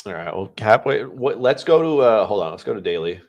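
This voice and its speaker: A fairly low-pitched man hosts a live stream. He thinks aloud as he plays a trivia game and chats to his viewers in a relaxed, offhand way. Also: a little fast, lo-fi sound. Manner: talks to chat. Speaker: podcast host.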